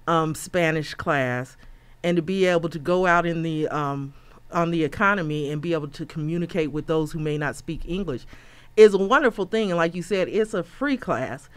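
A woman's voice: sits low, moderate pace, smooth. A woman hosting a casual podcast interview, friendly and encouraging, with frequent affirmations. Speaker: podcast host.

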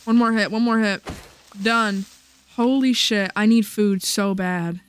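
A woman's voice: medium pitch, fairly even intonation, a little slow, clear, resonant tone, soft background music. A woman hosting a casual let's-play video, chatting playfully to herself as she plays. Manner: playful, chatty, talks to herself while playing. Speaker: gaming video host.

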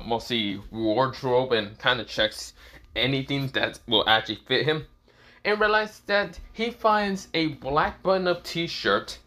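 A man's voice: mid-range voice, sharp tone. A man casually retelling a fan story, rambling and swearing, laughing at his own lines.

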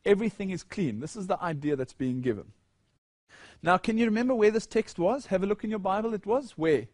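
A man's voice: high voice, lively intonation, brisk, a little mellow, no room sound, clean studio sound. A man preaching a sermon in a church, reading scripture aloud and asking the congregation questions.

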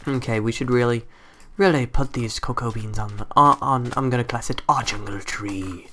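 Young male let's-play host, bright and excitable, faint hiss. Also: medium pitch, a little fast. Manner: excitable, exclaims often, talks to game creatures. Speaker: gameplay commentator. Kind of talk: casual let's-play commentary. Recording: faint background hiss and typing clicks.

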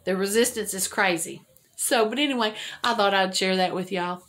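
A woman's voice: mid-range voice, moderate pace, a bit bright. An older woman vlogger telling a rambling, chatty story to her viewers and laughing at her own jokes. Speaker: homesteading vlogger.

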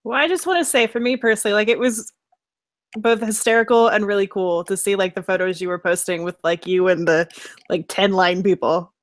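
A woman's voice: medium pitch, brisk. A woman hosting a podcast, asking casual questions with lots of "like" fillers. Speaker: podcast host.

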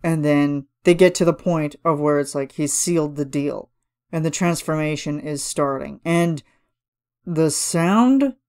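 Chatty low-voiced woman gushing as host. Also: measured pace, darkish tone. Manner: chatty, gushing, filler-heavy, sings snippets of lyrics. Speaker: podcast host reviewing a cover song. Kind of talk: casual solo commentary. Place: home room.

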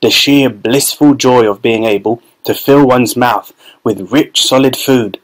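A man narrating a children's novel as an audiobook in a steady, expressive storytelling voice. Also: medium pitch, measured pace, low-quality recording. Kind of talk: scripted narration.

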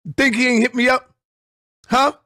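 A middle-aged man delivering an angry, profane call-out rant as a vlogger, confrontational and bursting into shouts. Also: extremely high pitch, steady tone, normal speed, no echo, clean studio sound.

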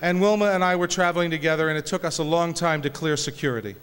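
A man's voice: on the high side, fast talker, fairly bright tone, clean tone. A man giving an inspirational speech with humorous stories to an audience, joking and telling folksy tales in a large hall. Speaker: speaker at a peace concert. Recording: reverberant hall recording.

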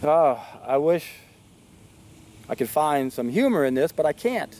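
A man's voice: fairly high pitch, sing-song, unhurried, darkish tone. A man giving an indignant, emphatic monologue to camera and repeating his key phrases. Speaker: video commentator.

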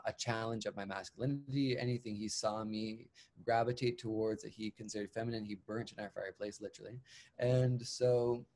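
In a candid interview, a drag clown performer from Canada reflects earnestly on his life, repeating phrases for emphasis. He speaks on the low side, with a somewhat dark tone.

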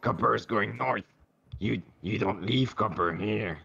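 A man's voice: lowish voice, unhurried, creaky, sharp tone, slightly rough, faint music behind, full character voice. A man voicing a simple, clingy male goblin who talks in a mumble, over a dull, lo-fi mic. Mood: insistent. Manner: mumbled, hard to make out.

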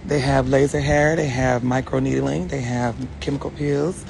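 A man vlogging casually from inside a car, joking loudly and cursing as he talks to his viewers. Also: medium pitch, steady tone, normal speed, vocal fry. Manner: loud, joking, profane banter with the viewers. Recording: car noise in the background.

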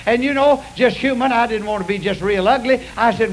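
Here the preacher's pitch is extremely high, and he talks a little fast with few pauses, drawling as he shares folksy, confessional stories from the pulpit. It's a rough capture, full of the hiss of an old radio broadcast.

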